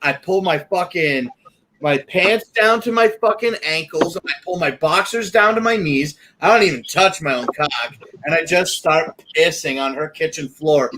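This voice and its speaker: A young man with a high voice rambles through crude stories, swearing constantly. A faint hiss sits under his voice. He talks loose and casual, like an unscripted chat. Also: moderate pace. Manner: profane, rambling storyteller. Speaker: podcast co-host.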